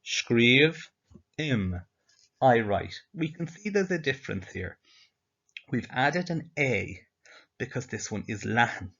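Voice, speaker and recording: A male teacher talks through a slide-based language lesson at a middle pitch, patient and methodical. He keeps checking in with the learner between examples. The audio sounds dull and lo-fi. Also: sing-song, unhurried, a bit bright, breathy edge. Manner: patient, explains step by step with questions to the learner.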